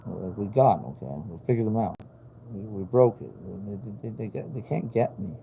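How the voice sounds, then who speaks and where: A man talking to the camera in a rambling, halting way, swearing often and restarting his sentences. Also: lowish voice, expressive, gravelly, slight background noise, low-quality recording. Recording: loud music playing behind.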